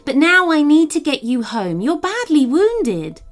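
A woman's voice: high-pitched, big pitch swings, unhurried, pitched above the performer's own voice. A woman voicing a kind, earnest young girl princess in a storybook reading, eager and caring. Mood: reassuring. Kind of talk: storybook read-aloud.

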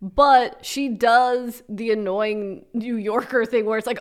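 Woman from the US, podcast co-host, fairly high voice, sarcastic storytelling. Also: a little slow, hardly any pauses. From United States. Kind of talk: casual recap chat.

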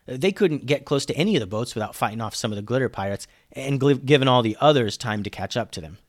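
Reading quickly, a man brings a kids' pirate story to life with energy, dipping his voice low whenever he reaches the speech tags.

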